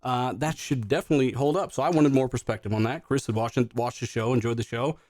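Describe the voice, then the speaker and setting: A man's voice: medium pitch, steady tone, quick pace, a little mellow, no echo, clean studio sound. A man hosting a live gaming podcast, talking loosely with lots of fillers and some swearing. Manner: loose, profane, rambling with fillers. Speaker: podcast host. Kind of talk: casual live-stream chat.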